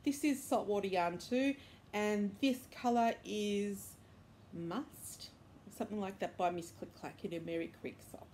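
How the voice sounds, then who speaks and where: This woman's voice is medium-pitched, mellow and a little slow, with a slight hiss or hum in the recording. She hosts a crochet and knitting podcast from her bedroom at home, enthusiastically rambling through a casual show-and-tell, full of fillers and self-corrections.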